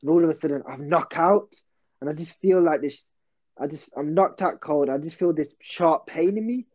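A young podcast host tells a story in loose, slangy chat, often interrupting himself. His voice is a bit high yet dark and mellow, moving at normal speed, and the lo-fi recording sounds dull.

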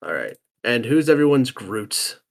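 A man's voice: mid-range voice, very animated, unhurried, gravelly. A man co-hosting a casual podcast, running through the picks and asking questions between giggles. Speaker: podcast co-host running the list. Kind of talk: casual group chat.

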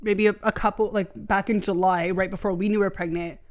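A woman co-hosting a casual chat, telling stories lively and acting out the quotes. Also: mid-range voice, a little fast. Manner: lively storytelling, acts out quotes.

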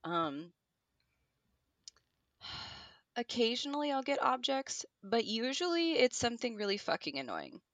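A woman co-hosting a podcast, telling animated stories in casual chat, swearing freely and laughing often. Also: fairly high pitch, measured pace, pauses often, no echo. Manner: animated storyteller who swears and laughs a lot. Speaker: podcast co-host.

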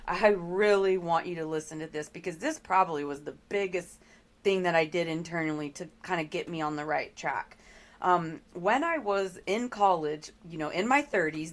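A middle-aged woman with a slightly low voice is an interview guest. She shares her story candidly and earnestly, often pausing on "um" and starting sentences over.

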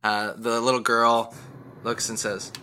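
A man's voice: medium pitch, flat delivery, a little slow, sharp tone, a little hiss or hum. A man narrating as game master in a tabletop game, rambling with fillers and self-corrections.

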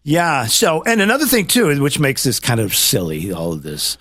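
A man co-hosting a casual political talk show, animated and mocking, often acting out the voices of people he quotes. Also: medium pitch, normal speed, dry recording, studio quality.

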